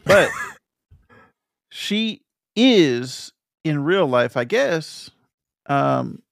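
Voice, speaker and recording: A man's voice: on the high side, sing-song, very slow, gravelly, no room sound, clean studio sound. A man co-hosting a casual gaming podcast, reading news aloud in a playful, teasing way and laughing often. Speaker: podcast co-host.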